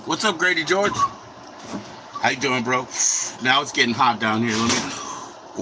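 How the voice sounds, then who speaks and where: Man, 40s, home livestream host, loose profane rambling, mid-pitched, noisy background. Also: moderate pace, pauses often. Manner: rambling, profane, talks to chat viewers. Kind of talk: casual livestream chat while cooking. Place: home kitchen.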